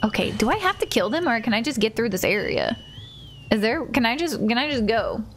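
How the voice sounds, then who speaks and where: A woman's voice: on the high side, very animated, a little fast, a little hiss or hum. A woman streamer giving casual commentary on her game and chatting with viewers. She often drops into a whisper while sneaking. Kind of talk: casual let's-play commentary.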